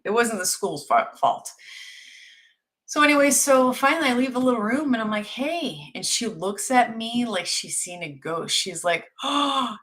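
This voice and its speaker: A middle-aged woman, a doctor being interviewed, telling casual stories and acting out the lines of the people in them. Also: medium pitch. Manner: animated, acts out dialogue in her stories. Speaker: guest doctor.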